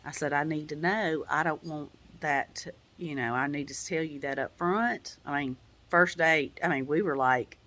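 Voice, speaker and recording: A vlogger whose voice sits low and a bit bright speaks at normal speed. Giving a casual update about her life, she rambles sincerely with frequent "you know" fillers and occasionally tears up.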